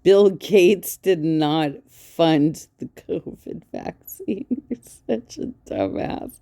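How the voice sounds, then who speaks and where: A woman's voice: fairly low pitch, animated, slow, gravelly, warm tone. A woman giving profane, mocking commentary, sarcastic and scornful, swearing constantly. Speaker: reaction commentator.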